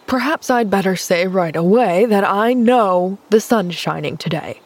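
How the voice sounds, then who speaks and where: A woman reading an audiobook, voicing a gruff, stern older man who talks in curt grumbles. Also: mid-range voice, unhurried, a little mellow.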